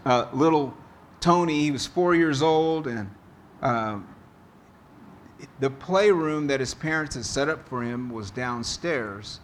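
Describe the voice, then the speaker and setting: A man preaching a sermon as pastor, slow and deliberate, telling a story to make his point. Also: mid-range voice, expressive, a little hiss or hum.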